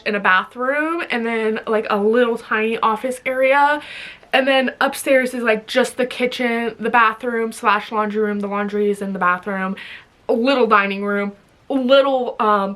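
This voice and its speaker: A woman's voice: a little high, fairly bright tone. A young woman vlogging in a rambling, giggly casual chat, full of fillers.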